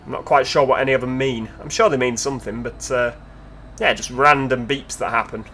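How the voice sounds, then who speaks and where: A man's voice: medium pitch, steady tone, a little fast, fairly bright tone, a little hiss or hum. Chatty man commentating a game. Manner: chatty, joking asides addressed to viewers. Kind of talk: casual gameplay commentary.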